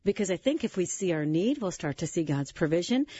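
A woman with a lowish, husky voice hosts a faith talk show and tells stories in an earnest way. The sound is dry and a little dull. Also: sing-song, brisk, dark tone, no room sound. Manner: earnest storytelling. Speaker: host.

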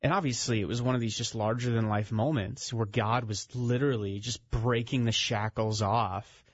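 A man's voice: mid-range voice, steady tone, moderate pace, breathy edge, no echo. Earnest man telling a story on radio. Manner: earnest, conversational storytelling with fillers. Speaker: author and ministry founder, studio guest. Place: radio studio. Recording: slightly dull, dry radio studio sound.

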